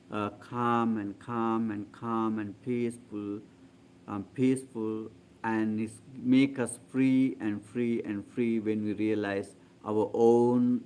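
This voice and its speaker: Man, meditation teacher, very slow pace, halting with fillers. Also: mid-range voice, dark tone, smooth. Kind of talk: guided meditation talk.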